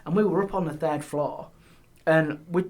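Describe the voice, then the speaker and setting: A man, a guest on a podcast, telling ghost stories in a lively way and dropping his voice on eerie details. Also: on the high side, moderate pace. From England. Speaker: guest, paranormal historian. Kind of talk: casual storytelling. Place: podcast studio.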